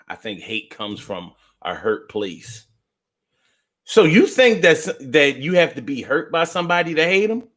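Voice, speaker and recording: On a casual live stream, a man reads his viewers' comments and fires back playfully and animatedly, cursing freely. He moves between booming outbursts and hushed muttering.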